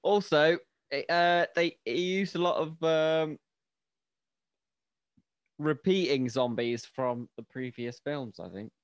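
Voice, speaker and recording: A man's voice: a little high, slow, clear, resonant tone, no echo, highs cut off. A man co-hosting a casual film podcast, jokey and crude in his banter. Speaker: podcast co-host. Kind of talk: casual film review chat.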